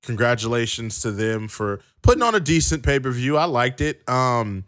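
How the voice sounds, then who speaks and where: A man's voice: mid-range voice, animated, moderate pace, a bit bright. A man co-hosting a casual wrestling podcast who stammers and restarts, then reads long quotes aloud. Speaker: podcast co-host.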